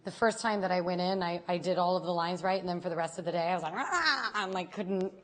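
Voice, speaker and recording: A woman's voice: fairly low pitch, level tone, quick pace. A young woman in her twenties, a talk show guest telling candid stories and laughing often. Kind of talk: casual chat.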